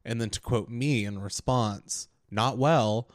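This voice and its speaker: A young man co-hosting a podcast tells a story in casual conversation, animated and full of filler words as he acts out the quotes. He speaks slowly in a mid-range voice.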